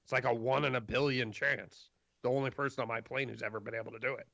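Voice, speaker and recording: A man playing a gruff, grumpy half-giant who grumbles rudely with halting pauses. The voice has a low gravelly fry and sounds dry and slightly dull. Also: steady tone, sharp tone, dry recording. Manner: grumbling, rude, hesitant.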